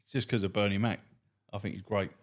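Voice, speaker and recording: A man's voice: fairly low pitch, quick pace. A man, a cab driver and stand-up comic, telling blunt, profane stories on a podcast. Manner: blunt, profane, deadpan storyteller. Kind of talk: swearing anecdotal storytelling.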